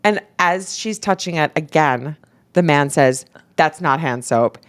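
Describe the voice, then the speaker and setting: A woman, a podcast co-host telling stories in casual chat, acting out quotes and using lots of "like". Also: unhurried. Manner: animated storyteller, acts out quotes with a jumping pitch; many "like" fillers. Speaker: podcast co-host and real estate agent.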